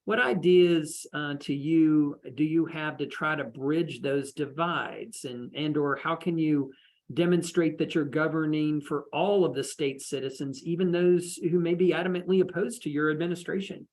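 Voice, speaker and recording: A man moderating a public talk, asking a long question at a measured pace while searching for words. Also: a little high, steady tone, darkish tone.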